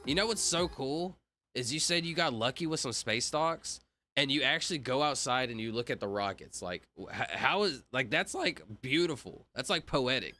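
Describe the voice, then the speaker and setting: A young man with a bright, forceful voice talks on a livestream. He rambles loosely, leaning hard on filler words and casual slang. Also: mid-range voice. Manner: rambling, filler-heavy, says "like" and "bro" a lot. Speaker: streamer.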